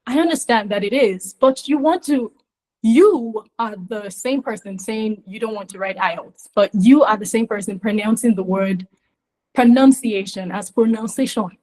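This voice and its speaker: A woman from Nigeria, giving an emphatic, animated webinar talk on pronunciation. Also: mid-range voice, normal speed, rough recording. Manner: emphatic, animated, often acts out mispronunciations.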